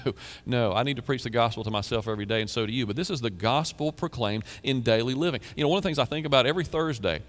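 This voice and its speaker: A man's voice: medium pitch, racing, in a large hall. A man preaching a sermon as pastor, earnestly reading psalms aloud with emphasis and conversational asides. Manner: conversational asides, repeats phrases.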